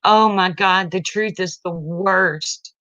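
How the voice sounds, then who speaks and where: A woman's voice: on the low side, slow pace, pushed and bright, no echo. A middle-aged woman venting about her family in an emotional personal rant, blunt and heated, tearful at times. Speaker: parent venting online. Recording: dull lo-fi sound, dry.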